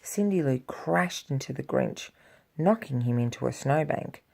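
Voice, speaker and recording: A woman reading a children's storybook aloud to a child, with lively, expressive delivery and spoken sound effects. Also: rumbling low, a little slow, vocal fry.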